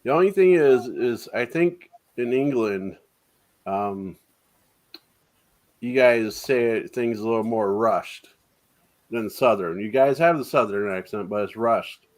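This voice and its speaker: A middle-aged man hosts a relaxed livestream chat in an everyday mid-range voice. He is laid-back and quick with a self-deprecating joke. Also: medium pitch. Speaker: host.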